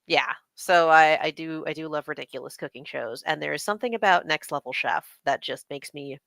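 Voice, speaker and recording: A woman's voice: low-pitched, fairly quick, gravelly, a bit bright, no echo. A woman co-hosting a casual fan chat show, joking and speculating with enthusiasm. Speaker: podcast co-host.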